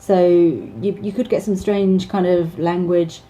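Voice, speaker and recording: A woman's voice: fairly low pitch, steady tone, takes it slowly, mellow, low-quality recording. A woman in her thirties, an English teacher, gives casual advice with many ums, restarts and small laughs.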